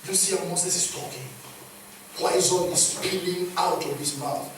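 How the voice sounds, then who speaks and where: High-voiced Kenyan preacher in an echoey church. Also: male voice, steady tone, a little slow. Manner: emphatic, swings between loud and hushed. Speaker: pastor. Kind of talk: sermon. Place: church hall. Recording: echoey hall, distant mic, faint noise.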